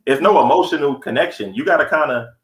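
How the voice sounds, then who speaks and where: Fast-talking blunt man in an echoey room. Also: on the high side. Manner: blunt, profane storytelling. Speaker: podcast co-host. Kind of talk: casual podcast chat.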